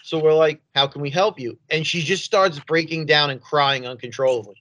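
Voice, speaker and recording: A man's voice: fairly high pitch, moderate pace, sharp tone. A man co-hosting a podcast, telling a casual anecdote with easy laughs. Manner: easygoing anecdote teller, laughs at his own stories. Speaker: podcast co-host.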